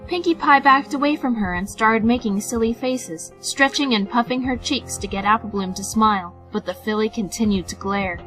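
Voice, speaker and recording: A woman reading a story aloud with an animated, expressive delivery. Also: on the high side, normal speed, hardly any pauses, faint music behind, rough recording. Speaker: fanfiction reader. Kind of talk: storybook narration.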